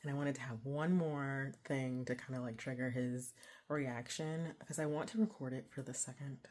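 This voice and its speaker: A woman's voice: rumbling low, steady tone, normal speed, a little mellow. A woman in her forties chatting casually in a home vlog, rambling and laughing often. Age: 40s. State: out of breath. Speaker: vlogger.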